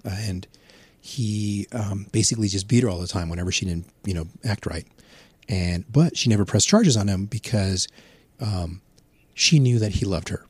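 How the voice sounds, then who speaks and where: Husky middle-aged man telling crude stories. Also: on the low side, normal speed, a little mellow, dry recording. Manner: rambling, profane, laughs at his own story. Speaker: podcast guest. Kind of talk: casual storytelling.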